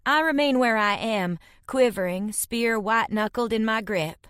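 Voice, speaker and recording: A woman's voice: on the high side, normal speed, clear, resonant tone, dry recording. Woman reading a tense audiobook, dry sound. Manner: tense, dramatic reading with shouted dialogue. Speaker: audiobook narrator. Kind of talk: first-person audiobook narration.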